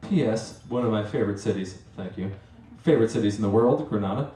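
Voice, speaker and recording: A distant mic in a roomy live venue captures a storyteller and MC spinning a rambling comic tale at his own expense, performing his asides as he goes. He speaks briskly in a medium-pitched, animated, slightly mellow voice.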